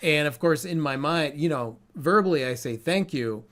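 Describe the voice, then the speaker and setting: A man co-hosting a casual podcast about art, talking in a relaxed, candid way and swearing freely. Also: fairly high pitch, normal speed. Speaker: podcast co-host, artist.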